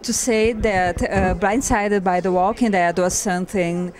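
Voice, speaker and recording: Nervous, halting Brazilian woman. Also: mid-range voice, fairly even intonation, a little mellow. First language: Portuguese. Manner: halting, nervous, searching for words. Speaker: audience member. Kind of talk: emotional testimonial.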